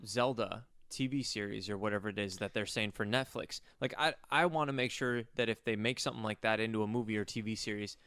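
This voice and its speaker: A young man co-hosting a casual podcast, chatting with quick interjections and frequent agreeing sounds. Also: on the low side, a bit bright, smooth, no room sound. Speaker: podcast co-host. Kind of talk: casual chat.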